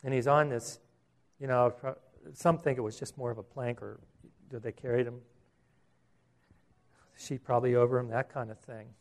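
A man's voice: medium pitch, steady tone, moderate pace, pauses often. A man preaching a sermon, earnest, with repeated words and rhetorical questions.

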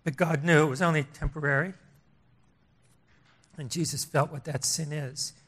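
Older male preacher, higher voice, emphatic sermon delivery with sudden hushed drops. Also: steady tone, moderate pace. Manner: emphatic, repetitive, swings between loud and hushed.

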